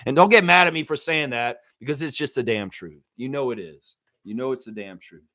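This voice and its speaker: A man's voice: mid-range voice, brisk, pushed and bright. A man hosting a livestream, ranting heatedly and profanely about sports and repeating himself for emphasis. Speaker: live stream host reading chat. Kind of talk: ranting live stream commentary.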